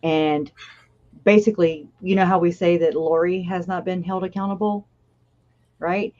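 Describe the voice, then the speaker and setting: A woman co-hosting a casual true-crime chat. She speaks haltingly, laughs often and breaks off her own sentences. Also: fairly low pitch, fairly even intonation, a little mellow. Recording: muffled lo-fi audio.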